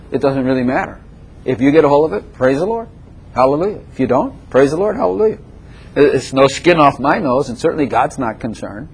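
Husky older man preaching emphatically. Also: fairly high pitch. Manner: emphatic, repetitive, swinging between loud and soft. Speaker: pastor. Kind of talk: preaching a sermon.

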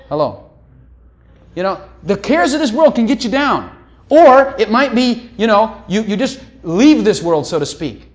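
A middle-aged man preaching a sermon in a conversational, teasing way, often breaking off to ask "hello". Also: high voice.

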